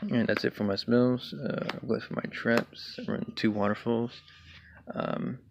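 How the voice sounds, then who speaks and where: A young man casually walking through his card game deck, talking in a relaxed way with many fillers and throat clears. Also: mid-range voice, a little slow. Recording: dull lo-fi home recording with faint hiss.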